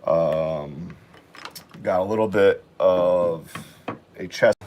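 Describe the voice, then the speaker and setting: A sick man with a raspy voice, chatting casually and rambling with many fillers as he sets up to draw in his art vlog. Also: deep voice, extremely slow, darkish tone. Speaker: art vlogger. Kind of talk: casual chat while drawing.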